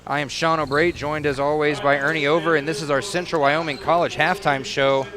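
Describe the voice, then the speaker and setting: A man's voice: fairly high pitch, flat delivery. Man, sports announcer, easygoing halftime chatter, gym crowd noise behind. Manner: chatty and easygoing, with frequent pauses and fillers. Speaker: play-by-play announcer. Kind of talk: casual halftime broadcast commentary. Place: high school gym.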